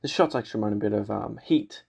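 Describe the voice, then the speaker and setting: A man's voice: lowish voice, very fast, vocal fry, darkish tone, a little hiss or hum. A man giving a casual movie reaction commentary, laughing often, swearing and filling with "like" and "you know".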